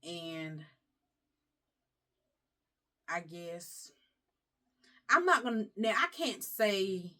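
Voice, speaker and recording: A woman's voice: mid-range voice, sing-song, drawn-out words, long pauses, pushed and bright. A young woman vlogger chatting casually, talkative and emotional, rambling as she talks. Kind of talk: casual chat.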